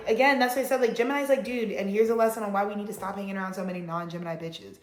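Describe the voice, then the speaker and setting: A woman's voice: mid-range voice, racing, echoey room. A woman giving a casual, rambling tarot reading, talking bluntly and swearing freely. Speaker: tarot reader.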